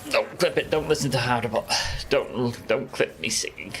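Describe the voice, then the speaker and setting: At a normal speed and in a mid-range voice, this male streamer keeps up a chatty, jokey commentary on the game he's playing, addressing his chat as he goes.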